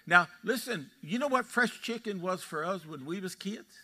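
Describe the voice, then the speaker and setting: A man's voice: sits high, expressive, normal speed, pushed and bright. A man in his eighties with a Texan accent, preaching a sermon in a folksy storytelling way and quizzing his congregation. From Texas. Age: 80s. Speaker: pastor. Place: church sanctuary.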